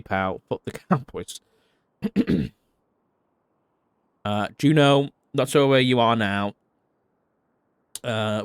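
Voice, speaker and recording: A man's voice: lowish voice, smooth, dry recording. A man reading a farewell letter aloud in a role-play, heartfelt but salted with wry, profane asides.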